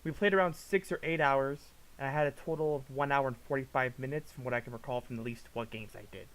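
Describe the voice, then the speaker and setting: A man giving casual reaction commentary, ranting in an exasperated, profane way that swings between low mutters and loud outbursts. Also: quick pace, poor audio. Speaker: commentary vlogger.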